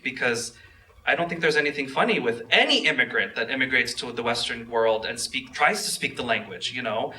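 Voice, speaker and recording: A man on a film panel, telling a story about his own work in a candid, animated way. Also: medium pitch, a little fast. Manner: candid, animated, recounts with emphasis. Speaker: actor, panelist.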